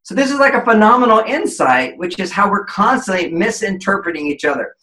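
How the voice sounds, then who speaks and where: A man lectures emphatically on relationships as an interview guest, his voice bright and fairly high for a man. Now and then he acts out quoted voices as he explains. The sound rings in an echoey room. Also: lively intonation, a little fast.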